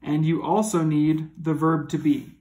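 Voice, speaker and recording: Man, Latin teacher, higher voice, patient and methodical. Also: level tone, a little slow, a little mellow, poor audio. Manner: patient, methodical, checks in with "okay?". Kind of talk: recorded classroom lesson.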